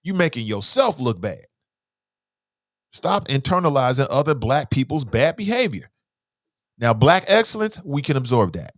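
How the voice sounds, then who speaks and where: In a sing-song, medium-pitched voice, this call-in show host speaks at a moderate pace and pauses often, recorded in a studio with no echo. A father, he offers casual, opinionated takes in a blunt, slangy way, swears freely, and reads out listener messages.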